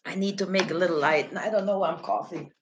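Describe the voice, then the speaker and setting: A woman's voice: lowish voice, fast, highs cut off, background noise. A woman hosting a casual livestream, rambling and laughing as she answers chat messages from her viewers. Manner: giggly, rambling, self-mocking. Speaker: livestream host.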